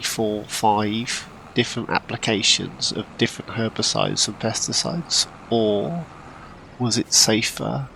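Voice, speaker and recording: A man talks slowly and in a relaxed way over his gameplay, drifting from one thought to the next and poking fun at himself. His voice sits low and has a gravelly edge. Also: slight background noise, low-quality recording. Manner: rambling and self-deprecating. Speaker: gameplay channel host. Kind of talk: casual gameplay commentary.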